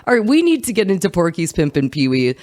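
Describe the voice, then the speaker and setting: A woman hosting a comedic film review podcast, telling stories as a profane, animated ranter. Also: fairly low pitch, fast talker, dry recording, studio quality. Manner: profane, animated ranting storyteller. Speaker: host.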